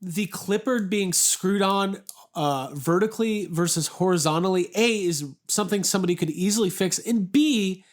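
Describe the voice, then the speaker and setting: A woman co-hosting a podcast in casual chat, with relaxed, teasing banter. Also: mid-range voice, normal speed, few pauses. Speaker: podcast co-host.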